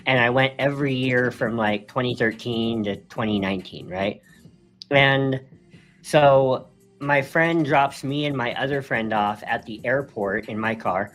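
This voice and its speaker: A man's voice: medium pitch, measured pace, fairly bright tone, soft background music. A man co-hosting a live stream, telling a story casually and animatedly, laughing between phrases and leaning on fillers. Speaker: co-host.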